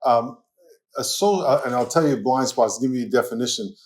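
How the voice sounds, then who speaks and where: A man with a New York accent, a pastor talking as a guest in a casual interview, telling lively stories and laughing often. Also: mid-range voice, moderate pace. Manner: animated storytelling, laughs often.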